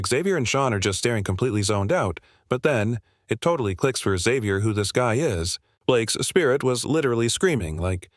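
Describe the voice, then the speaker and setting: A man's voice: on the low side, expressive, fairly quick, few pauses, no echo, clean studio sound. A man narrating a comic recap in a casual, slangy, breezy way.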